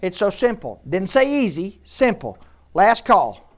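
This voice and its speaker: A woman teaching a Bible class to a room of listeners, lively and joking as she quizzes them. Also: medium pitch, measured pace. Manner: lively, jokey, quizzes the audience.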